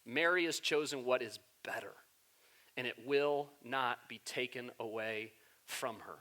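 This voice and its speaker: Preacher guy doing a calm gentle teacher, slow and soothing. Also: mid-range voice, voice pushed down, close to an everyday voice.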